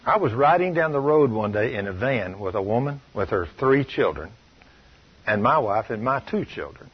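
A man preaching a sermon, telling personal stories in a stern, emphatic way, often dropping to a low, soft tone. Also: expressive, moderate pace, breathy edge, muffled recording. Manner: stern, emphatic storytelling, shifting loud and soft.

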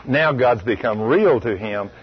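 A man preaching a sermon, telling a story in a folksy, emphatic way that swings between loud bursts and low asides. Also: a little slow. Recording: dull lo-fi radio recording.

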